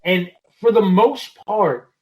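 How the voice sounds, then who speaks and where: A man guesting on a podcast, chatting about wrestling in a relaxed way with lots of fillers. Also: high-pitched, takes it slowly, poor audio. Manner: relaxed, heavy on "you know" fillers. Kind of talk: casual wrestling podcast chat.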